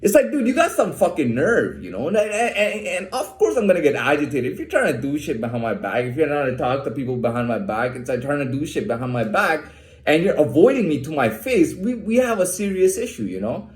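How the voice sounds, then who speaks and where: A man's voice: a little high, big pitch swings, fairly quick, roomy sound. A man ranting in an agitated monologue, swearing a lot and restarting his sentences. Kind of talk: profane monologue to camera.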